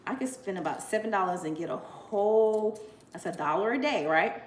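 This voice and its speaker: With a mid-range voice, lively intonation, and a moderate pace, a forty-something woman vlogs to camera in a chatty, effusive way, frequently exclaiming with feeling. The room is echoey, with faint ambience.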